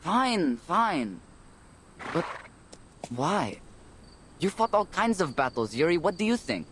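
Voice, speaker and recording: A man's voice: sits high, sing-song, slow, a bit bright, slight background noise, pitched above the performer's own voice, exaggerated voice. A man voicing a brash young male cavalry soldier who talks in a cocky, mocking way. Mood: impatient.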